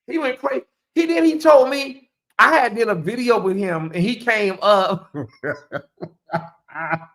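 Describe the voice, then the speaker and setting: A livestream host giving live gossip commentary in a blunt, profane, animated way, with big swings in pitch.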